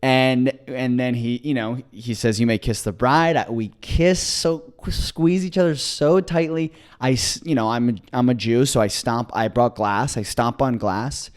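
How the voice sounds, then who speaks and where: A man co-hosting a podcast, telling a long story in an excited, rambling way, with many restarts. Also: medium pitch, a little slow, few pauses, smooth. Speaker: podcast co-host. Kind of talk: casual storytelling chat.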